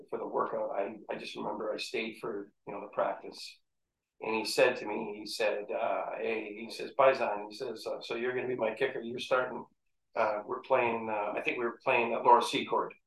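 A man telling stories from his playing days in a casual interview, animated, acting out quotes and laughing often. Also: fairly low pitch, normal speed, vocal fry. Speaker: interview guest, former athlete. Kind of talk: casual storytelling. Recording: echoey room.

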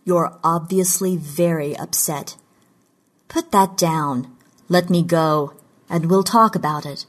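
Woman doing a smooth, cunning male magician. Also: low-pitched, takes it slowly, few pauses. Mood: guarded calm. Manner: smooth, controlled, soothing.

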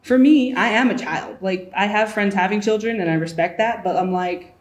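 A woman's voice: mid-range voice, moderate pace, echoey room. A woman in her early twenties, a guest in a casual chat, talking freely and acting out the voices she quotes. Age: 20s. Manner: chatty, acts out quoted voices.

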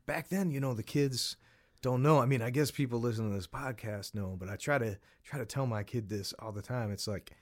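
A man speaking at an ordinary middle pitch, chatting easily as a guest on a podcast. He laughs often and trails into repeated words as he goes, keeping a loose, friendly pace. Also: a little fast. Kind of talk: casual chat.

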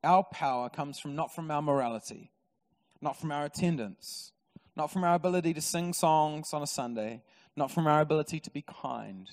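Lively New preacher in a reverberant hall. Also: male voice, fairly high pitch, normal speed. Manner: lively, storytelling preacher with humour. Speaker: pastor. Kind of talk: sermon. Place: church auditorium. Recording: long reverb of a church hall.

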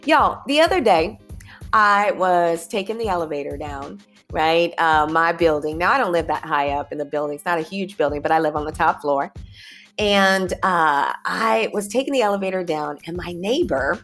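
A woman with a lowish voice hosts a relaxed motivational talk, chatty and upbeat and calling her listeners y'all. She guides slow breaths between stories. Faint music sits under her voice. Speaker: podcast host.

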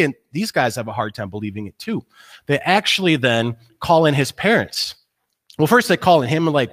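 A man's voice: on the high side, a little fast. A man preaching a sermon, retelling a story in a casual, conversational way and acting out the people's lines. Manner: animated storytelling, acts out quoted voices. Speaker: pastor.

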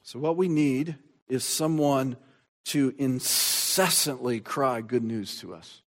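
A man preaching a sermon, reading scripture aloud with emphasis and swinging from soft, slow passages to loud, shouted proclamation. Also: medium pitch.

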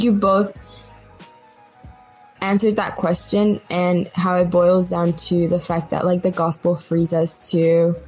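A woman with a fairly low voice speaks in a flat, even tone, often pausing on fillers as she works out her thoughts. Faint music runs under her talk. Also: husky, rough recording. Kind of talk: casual faith discussion.

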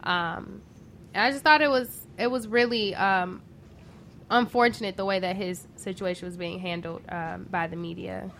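Woman hosting a chill talk show, chatty, mid pitch, lots of ums between thoughts. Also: steady tone, creaky, a bit bright, slight background noise. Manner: chatty, with frequent "um" pauses. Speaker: radio show host. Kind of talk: casual talk-show chat.

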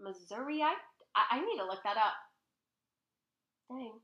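A young woman vlogger telling a personal story in a casual, chatty way at home, full of fillers and animated quoting. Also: a little high, unhurried, reverberant, highs cut off. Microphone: laptop mic, close.

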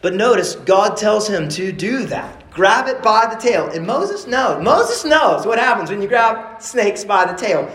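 Animated man preaching in an echoey room. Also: high-pitched, unhurried, few pauses. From East Texas. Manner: animated, casual and joking. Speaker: pastor. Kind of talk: sermon.

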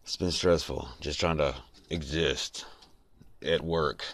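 A man, hoarse and congested from being sick, rambling reflectively in a late-night solo podcast. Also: extremely low pitch, fairly even intonation, slow. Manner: rambling, reflective, many fillers. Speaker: podcast host.

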